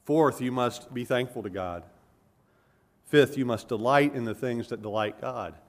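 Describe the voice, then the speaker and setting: A man preaching an expository sermon, earnest and emphatic, pausing to explain and correcting himself as he goes. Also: mid-range voice.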